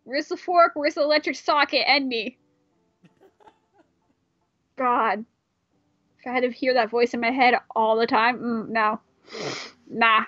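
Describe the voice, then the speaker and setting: High-voiced woman reading a game aloud. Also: measured pace, pauses often, no echo. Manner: animated, joking, swears often. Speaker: gamer reading a visual novel aloud. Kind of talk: casual let's play chat and reading. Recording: dry, slightly muffled mic.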